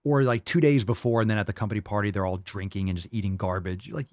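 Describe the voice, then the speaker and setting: Low-pitched and fast-talking, a middle-aged fitness show host reads out livestream chat comments and ridicules them in blunt, profane terms. The recording is dry.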